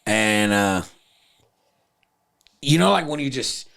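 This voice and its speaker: Profane, animated man telling stories. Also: mid-range voice, takes it slowly, gravelly. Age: 30s. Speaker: podcast host and comedian. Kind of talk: casual chat.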